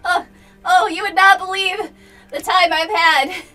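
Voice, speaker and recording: A woman's voice: very high voice, steady tone, unhurried, sharp tone, recorded from a distance, pitched above the performer's own voice, exaggerated voice. A woman voicing a scrawny, haunted little male goblin who talks in a breathless, relieved way.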